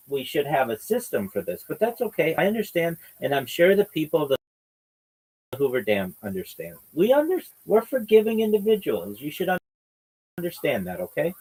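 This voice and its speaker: A man's voice: on the high side, big pitch swings, normal speed, darkish tone, slightly rough, poor audio. Podcast host guy ribbing his cohost, rambly and lecturing in a joking way. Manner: teasing, rambling, mock-lecturing. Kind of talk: casual livestream chat.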